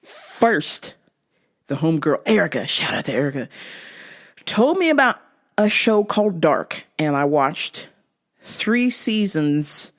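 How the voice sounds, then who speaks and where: Slow, lively-voiced woman ranting. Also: low-pitched. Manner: animated, swears a lot, laughs often. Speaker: podcast host. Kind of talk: casual comedic rant.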